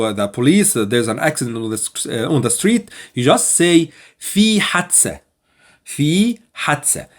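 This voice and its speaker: A man with an Egyptian accent teaching spoken phrases, repeating each one slowly and patiently. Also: a little high. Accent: Egyptian Arabic. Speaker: Arabic language teacher. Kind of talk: language lesson.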